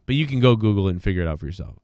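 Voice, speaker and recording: A man's voice: on the low side, animated, rapid-fire, warm tone, no room sound, muffled recording. A man hosting a podcast, talking in a casual, rambling and profane way while congested from allergies. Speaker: podcast host. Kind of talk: casual solo rant.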